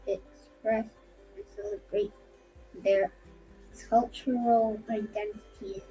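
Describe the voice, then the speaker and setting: A woman in a casual discussion giving a quick explanation. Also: medium pitch, flat delivery, over music, low-quality recording.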